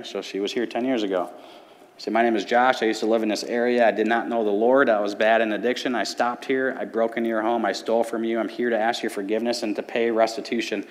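Man, thirties, pastor, earnest testimony, dramatic pauses, reverberant church hall. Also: medium pitch. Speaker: middle school ministry pastor. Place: church sanctuary.

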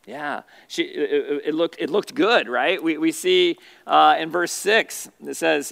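A man's voice: fairly high pitch, animated, a little slow, vocal fry, few pauses, very noisy. A man teaching a youth Bible study as its pastor, asking questions and calling on students by name. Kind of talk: interactive Bible study lesson.

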